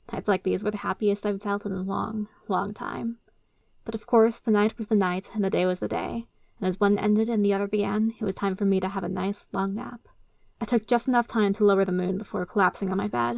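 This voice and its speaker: Gravelly-voiced woman narrating a story. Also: mid-range voice, a little mellow, no room sound. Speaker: narrator and reader. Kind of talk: first-person audiobook narration.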